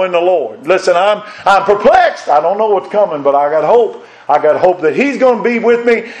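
Preaching a folksy sermon, an older pastor lets his slightly high voice rise on his emphatic lines and keeps questioning his congregation. The recording quality is rough.

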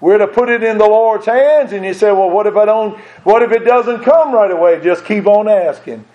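A man's voice: high voice, normal speed, warm tone. A man preaching a sermon in an earnest way, repeating phrases and asking his listeners direct questions. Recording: dull lo-fi recording.

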